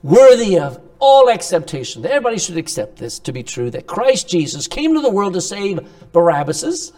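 A man preaching a sermon, animated, with sudden loud emphasis, quiet asides and many rhetorical questions to the congregation. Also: sits high, normal speed.

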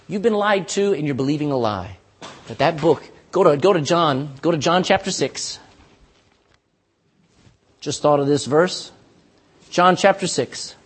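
A man preaching a sermon as pastor, impassioned and pleading, with sudden drops to a hush. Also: high-pitched, normal speed, long pauses, breathy edge.

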